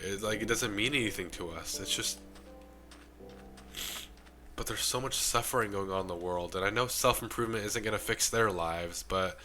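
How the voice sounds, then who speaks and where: A young man with a rough, strained voice from the flu, giving an impassioned self-improvement monologue to camera. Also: on the low side, bright, forceful tone. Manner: preachy, impassioned. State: sick, losing his voice.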